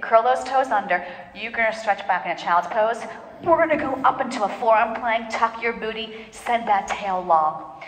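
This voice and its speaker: A woman's voice: on the high side, normal speed. A woman instructing a live pilates class, counting reps and encouraging the people in the room. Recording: roomy hall reverb.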